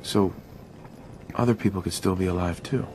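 An actor playing a grieving adult man who speaks in halting, shaken phrases. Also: low-pitched, music in the background, natural voice.

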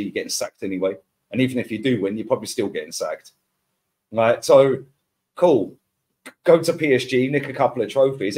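Man, football podcast pundit, heated slangy rant, middle pitch. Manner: animated ranting with slang and repeated words. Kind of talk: heated casual football chat.

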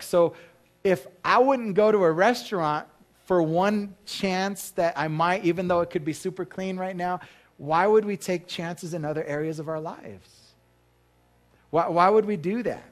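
A male pastor preaching a sermon in a church, talking casually to the congregation, asking them questions and acting out the voices in his stories. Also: fairly high pitch.

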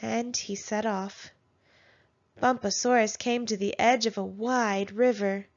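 A woman reading a children's picture book aloud with gentle, measured storytelling. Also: medium pitch, steady tone. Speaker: storybook narrator. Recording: dull lo-fi sound.

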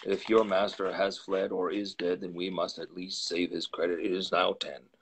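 A man's voice: sits low, little pitch movement, moderate pace, gravelly, background noise. A man voicing an agitated middle-aged Victorian lawyer during a live reading of a classic novel, urgent and exclaiming. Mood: grave.

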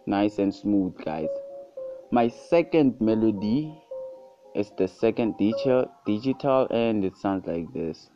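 A man narrating a casual music production tutorial, relaxed and easygoing, often calling out to his viewers and praising each sound. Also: fairly low pitch, takes it slowly, muffled recording. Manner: relaxed, repeats "guys" and "super cool".

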